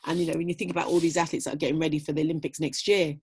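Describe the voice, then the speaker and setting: A woman's voice: low-pitched, level tone, rapid-fire, darkish tone, breathy edge. A middle-aged woman talking casually as an interview guest, reflective and full of "you know" fillers. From Britain. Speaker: guest, former athlete.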